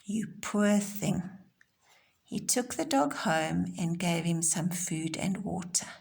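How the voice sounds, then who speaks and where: A woman teacher giving a recorded home-learning lesson to young children, explaining gently and simply. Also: on the low side, expressive, measured pace, creaky. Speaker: primary school teacher.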